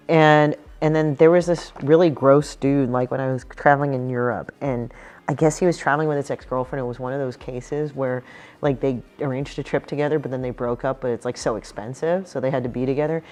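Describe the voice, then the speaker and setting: Speaking in a very deep voice with a darkish tone, this comic artist talks casually about her book. Her manner is profane and straightforward, and she regularly acts out people's lines in other voices.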